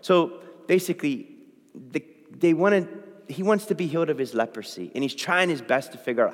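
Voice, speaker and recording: A man's voice: a little high, expressive, normal speed. A man preaching a sermon and reading from the Bible, talking conversationally and checking in with his listeners. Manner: conversational, keeps checking in with "okay?". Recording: long hall reverb.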